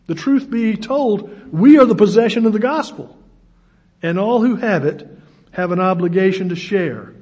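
A man in his sixties preaching a sermon, telling folksy stories with a self-deprecating wink. His voice sits high for a man and sounds husky. The recording is dull and lo-fi. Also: a little mellow. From United States.

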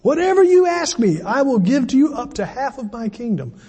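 Boastful drunk king voiced by a male preacher, high, expansive, husky, in a reverberant hall. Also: big pitch swings, moderate pace, mellow, heavily acted. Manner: grand, boastful promises.

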